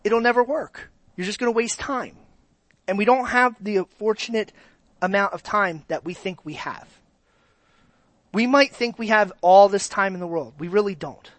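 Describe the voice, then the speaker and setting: Animated preacher with dry, close sound. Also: mid-range voice, normal speed, no echo. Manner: animated preaching, swings from quiet asides to loud exclamations; asks the congregation direct questions. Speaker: pastor. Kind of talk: sermon.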